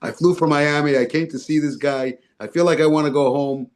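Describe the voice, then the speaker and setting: A man's voice: a little high, brisk. A man, a guest speaker, telling a personal story and acting out the voices of the people in it. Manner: animated storyteller, acts out quoted voices. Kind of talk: storytelling talk.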